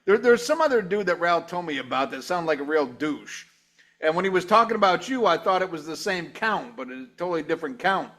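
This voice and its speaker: A man's voice: on the high side, animated, a little fast, fairly bright tone. A man co-hosting a podcast, laughing and making crude jokes. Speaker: podcast co-host. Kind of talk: casual podcast banter.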